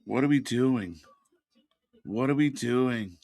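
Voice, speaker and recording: A man hosting a live wrestling watch-party stream, ranting with exasperation and profanity, then answering chat messages more calmly. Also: mid-range voice, slow pace, dry recording. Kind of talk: live reaction commentary, reading chat.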